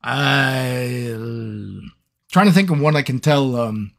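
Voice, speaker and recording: A male audiobook narrator chats playfully with fans during a live Q&A stream, telling stories in an animated way. His medium-pitched voice is creaky and his pace slow.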